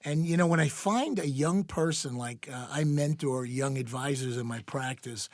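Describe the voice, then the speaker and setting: A man's voice: medium pitch, moderate pace, a little mellow, no echo, clean studio sound. Blunt older man giving opinions. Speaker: podcast guest, financial advisor. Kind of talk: casual chat.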